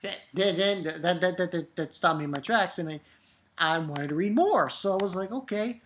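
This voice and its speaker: A woman giving a casual spoken review of a manga chapter, excitable, swearing freely and restarting her sentences often. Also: on the low side, moderate pace, background noise.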